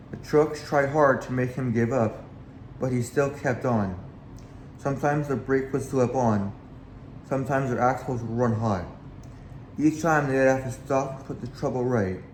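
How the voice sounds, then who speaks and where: Reading from a children's storybook about railways, a man keeps a plain delivery with occasional minor slips. His voice is mid-range, unhurried, and slightly mellow, in an echoey room with faint background noise and slight hiss or hum.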